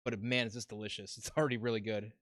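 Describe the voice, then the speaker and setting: A man's voice: on the low side, level tone, fast, a bit bright, dry recording. A man hosting a casual podcast, laid-back and rambling, swearing now and then. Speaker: podcast host. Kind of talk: casual chat.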